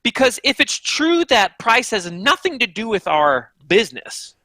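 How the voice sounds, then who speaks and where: Animated author guest, male, high-pitched and bright, punchy delivery, dry sound. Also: a little slow, dry recording. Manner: animated, emphatic, speaks straight to the audience. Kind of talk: energetic interview answers.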